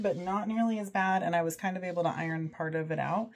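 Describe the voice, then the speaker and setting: A woman's voice: lowish voice, fast. A woman, vlogging casually at home while she sews, chatty and rambling with self-deprecating asides. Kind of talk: casual chat. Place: at home sewing.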